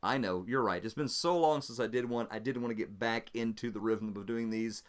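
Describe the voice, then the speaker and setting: A man's voice: on the low side, a little fast. A man hosting and narrating his solo tabletop role-playing game in a chatty, casual way that breaks into easy laughter. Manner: chatty, animated, laughs easily.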